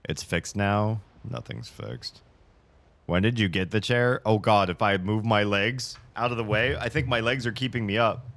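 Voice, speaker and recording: A man with a low, deep voice chats casually on a livestream from his home desk, ranting in an animated, exasperated way. He reads chat messages aloud and answers them. His voice is close and dry on a desk streaming mic. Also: normal speed, dry recording.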